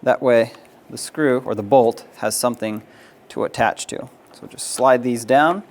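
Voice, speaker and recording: This is a man narrating a hands-on car repair guide in a medium-pitched voice, a touch slow. His instructions are practical and go step by step, with relaxed filler words along the way.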